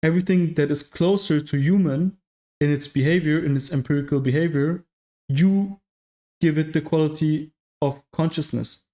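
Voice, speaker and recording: A man hosting an interview who keeps pressing and challenging his guest, stumbling over repeated words. His voice is slightly high but mellow and soft-edged. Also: moderate pace. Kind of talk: casual debate.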